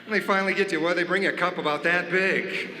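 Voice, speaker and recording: A man's voice: high voice, fairly even intonation, fast, noisy background. A man doing a stand-up comedy routine on a theater stage, acting out characters and mimicking beeps and dings. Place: large performing arts theater stage. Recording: echoey hall, live audience ambience.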